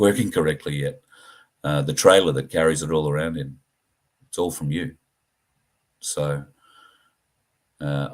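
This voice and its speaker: Very deep, husky Australian man. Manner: earnest, plain-spoken, halting with many fillers. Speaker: livestream host. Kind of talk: casual livestream talk to viewers.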